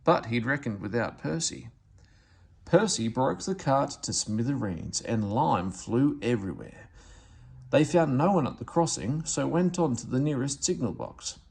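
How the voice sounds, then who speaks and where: Gravelly, expressive male storybook reader. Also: medium pitch, a little slow. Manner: expressive, animated narration. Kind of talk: children's story read-aloud.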